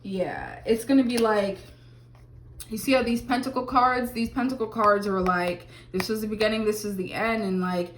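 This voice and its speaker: A woman's voice: medium pitch, moderate pace, slight background noise. Casting: woman tarot reader, chatty and exclamatory, in an echoey room. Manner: chatty, lots of fillers and exclamations. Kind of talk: casual tarot reading to camera.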